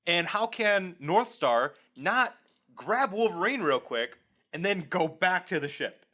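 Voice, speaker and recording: A man co-hosting a podcast, talking loosely and laughing often as he retells a story. His voice sits a bit high with a bright edge, and he swears freely. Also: very animated, takes it slowly. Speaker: podcast co-host. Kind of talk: casual chat.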